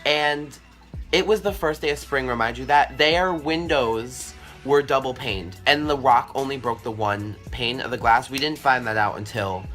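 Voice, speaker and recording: A young man tells a story straight to the camera, chatty and animated, with a lot of swearing and filler words. His voice is bright and forceful. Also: medium pitch, moderate pace, few pauses, soft background music. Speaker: vlogger. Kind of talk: storytime vlog.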